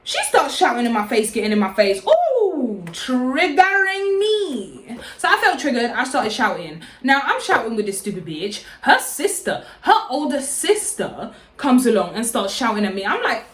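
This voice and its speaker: Brief: young woman, high-ish voice, loud and chatty, swears freely, echoey room. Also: big pitch swings, moderate pace, few pauses. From London. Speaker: vlogger. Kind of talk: casual storytime.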